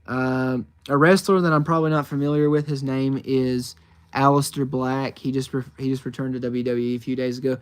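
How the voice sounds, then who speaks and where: A man's voice: mid-range voice, little pitch movement, brisk, clean tone. Chatty rambling young man streaming. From United States. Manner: chatty and rambling, many fillers and restarts, reads chat questions aloud. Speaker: livestreamer reading chat. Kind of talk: casual livestream chat. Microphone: phone.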